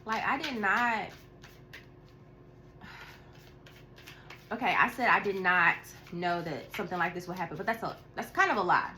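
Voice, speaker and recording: A chatty woman vlogger telling a story in a bright, crisp voice. She is animated and expressive, laughing and sighing as she goes. Faint ambient noise sits under her voice. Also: mid-range voice, normal speed, pauses often. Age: adult with a school-age daughter. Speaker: tarot reader. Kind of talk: casual storytelling vlog.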